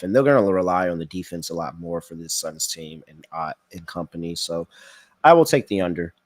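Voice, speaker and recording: Man, low voice, casual betting show host, mulls picks out loud, answers chat. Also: dry recording. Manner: thinks aloud, reacts to viewer chat. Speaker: sports betting podcast host. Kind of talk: casual live-stream chat.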